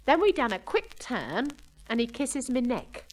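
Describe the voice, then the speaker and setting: A woman's voice: on the high side, very animated, unhurried, voice pushed up, low-quality recording. A woman doing a gabbling young working-class girl. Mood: gossipy. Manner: ungrammatical cockney-style chatter, "we done", "I says". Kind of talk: comic monologue.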